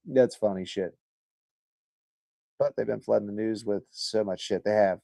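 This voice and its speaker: A man's voice: on the low side, moderate pace, creaky, long pauses, warm tone, dry recording. A man hosting a livestream, chatting casually and reading viewer comments, rambling, joking and swearing a lot. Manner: laid-back and rambling. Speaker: livestream host.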